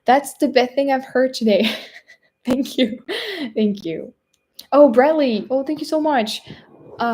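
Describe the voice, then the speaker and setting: A woman's voice: high-pitched, measured pace, long pauses, darkish tone. A young woman from France with a French accent, hosting a casual livestream and chatting loosely with viewers, full of fillers and little laughs. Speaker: livestream host reading viewer chat. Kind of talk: casual live-stream chat.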